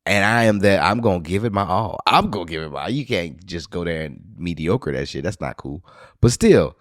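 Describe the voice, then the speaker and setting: A man from New Orleans with a local accent, hosting a podcast and telling a rambling, profane story in casual monologue, now and then jumping into high excited bursts. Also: fairly quick, dry recording, studio quality. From New Orleans, USA. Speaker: podcast host.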